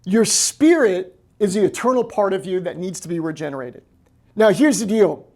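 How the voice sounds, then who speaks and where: An American man in the role of pastor, preaching a lively sermon and acting out quoted voices. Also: sits high, normal speed.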